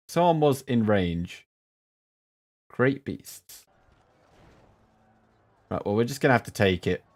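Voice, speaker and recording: Male streamer, unhurried gameplay commentary, low-ish voice, chatty with viewers. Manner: chatty, talks to stream chat between sudden excited outbursts. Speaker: game streamer.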